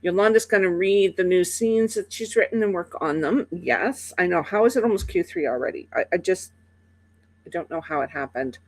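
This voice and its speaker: A woman's voice: fairly low pitch, animated, moderate pace, no echo. Chatty sleepy woman livestream host. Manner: chatty, rambling, many fillers. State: sleepy, yawning. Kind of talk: casual livestream chat.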